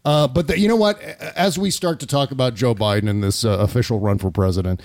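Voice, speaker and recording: A man's voice: medium pitch, darkish tone. A man hosting a talk show, chatting casually and joking with frequent laughs. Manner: joking, laughs often, quick asides. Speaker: host. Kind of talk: casual comedic talk radio chat.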